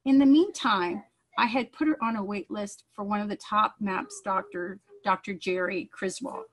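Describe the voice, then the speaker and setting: A woman's voice: mid-range voice, fairly bright tone, breathy edge, low-quality recording. A woman, a mother, giving an earnest personal testimonial in a conversational storytelling way. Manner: earnest, acts out quoted dialogue.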